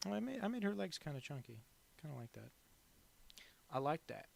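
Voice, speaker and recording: A man streaming live as a cartoonist, chatting casually while he draws and rambling through deadpan jokes. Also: fairly high pitch, fairly quick, gravelly.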